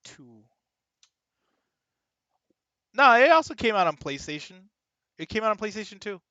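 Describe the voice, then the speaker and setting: Young male streamer, somewhat high pitched, excitable casual chat with viewers, heavy swearing. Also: a little fast, dry recording, lo-fi sound.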